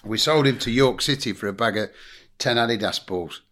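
Speaking in a mid-range voice, a bit bright and fairly fast, a middle-aged English ex-football manager recounts blunt anecdotes. It's a casual interview, and he swears freely and acts out what people said.

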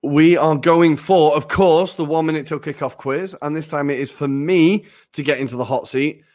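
A man's voice: fairly high pitch, normal speed, a little mellow. A man co-hosting a casual football podcast, laughing often, swearing casually and poking fun at himself. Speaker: podcast co-host.

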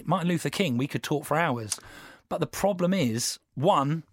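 Animated man, lively pitch. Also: moderate pace, dry recording, studio quality. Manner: animated, laughing, acts out voices in anecdotes. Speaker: comedian guest. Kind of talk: casual podcast chat.

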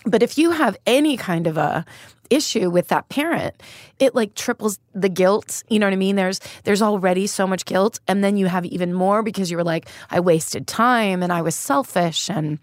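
A woman's voice: medium pitch, moderate pace, no echo. Frank, profane woman comedian, dry sound. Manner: frank and profane, laughing through grim stories. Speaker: comedian guest. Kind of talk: candid conversational storytelling.

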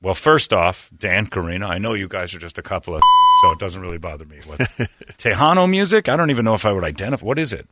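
Male radio host, sarcastic and ranting, bright voice, lively pitch, dry close sound. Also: quick pace. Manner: ranting, sarcastic, laughs often. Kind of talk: casual radio chat.

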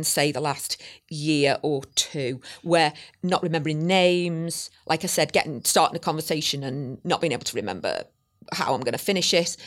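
Woman, chatty, rambling, self-mocking, casual podcast talk. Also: on the low side. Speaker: podcast guest. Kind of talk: casual chat.

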